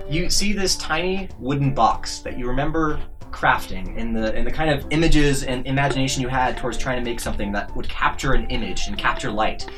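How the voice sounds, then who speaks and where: A man narrating as game master of a tabletop game, relaxed with many fillers. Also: medium pitch, brisk, recorded from a distance, soft background music.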